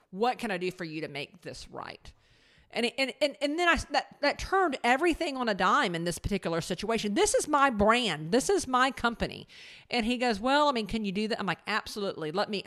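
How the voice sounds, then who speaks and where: A woman who owns a company, telling a business story in casual conversation, animated and full of restarts. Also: medium pitch. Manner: animated, many restarts and acted quotes. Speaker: podcast guest, business owner.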